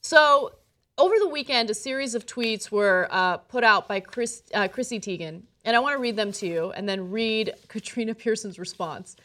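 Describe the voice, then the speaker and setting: A woman's voice: on the high side, moderate pace, bright, forceful tone. A woman co-hosting a casual political commentary show, speaking conversationally and reading posts aloud with a sarcastic lilt. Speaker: co-host.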